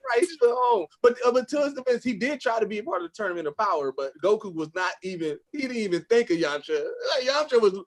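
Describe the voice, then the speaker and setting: A man hosting a podcast, relaxed and affirming in casual interview chat. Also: high-pitched, fast, hardly any pauses. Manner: relaxed, affirming, brief replies. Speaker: podcast host.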